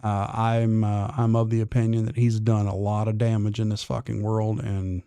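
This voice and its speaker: A gravelly, dark-toned man chats on a morning livestream, reading comments aloud. He is blunt, profane and defiant, drawling through false starts, and his voice sounds close and dry. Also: lowish voice, level tone, moderate pace, dry recording. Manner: drawling, with restarts. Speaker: livestream host.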